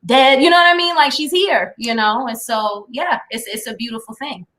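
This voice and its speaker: A woman chats as a guest in a casual live-streamed interview. Her voice sits a little high. She talks loosely, filling her talk with "you know" and "like," and laughs easily. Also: normal speed, a bit bright.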